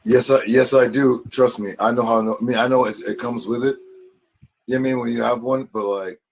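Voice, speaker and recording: A man chatting casually on a livestream, quick and easygoing, often repeating little phrases. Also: medium pitch, steady tone, creaky.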